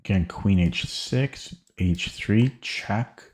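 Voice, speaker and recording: Man, chess stream commentary, deep voice, slow, hesitant, repeats words. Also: a little mellow, a little hiss or hum. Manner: hesitant, stammers and repeats words while thinking aloud.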